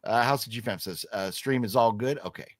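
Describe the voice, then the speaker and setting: A man's voice: medium pitch, fairly quick, no room sound. An older man co-hosting a live stream, reading chat comments aloud and joking casually. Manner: lively, reads chat comments aloud, jokey. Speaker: co-host. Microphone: streaming setup.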